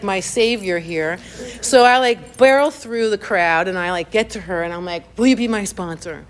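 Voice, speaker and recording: A woman sharing her recovery story in animated, chatty personal storytelling, full of "like" fillers and acting out her own reactions. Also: mid-range voice, a little hiss or hum.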